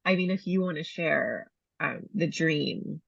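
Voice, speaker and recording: Casting note: retreat host, woman, breathy lowish voice, relaxed chat, muffled close recording. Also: measured pace, no room sound. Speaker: retreat host and iboga provider. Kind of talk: casual conversation. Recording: dull lo-fi recording.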